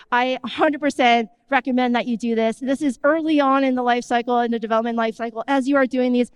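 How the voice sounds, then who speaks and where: A woman giving an energetic conference talk in a conversational tone, often checking in with the audience. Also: high voice, dry recording. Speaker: conference speaker. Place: conference stage.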